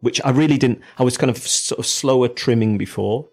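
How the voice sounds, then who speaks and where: Here a podcast co-host talks in a mid-range voice that's a little fast, a bit mellow and slightly rough. His talk is casual chat, wandering as he thinks aloud.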